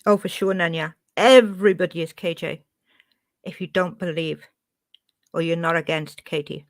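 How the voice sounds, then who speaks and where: A woman's voice: lowish voice, fairly even intonation, normal speed. A woman with a Welsh accent chatting casually on a live stream, reading out and answering her chat.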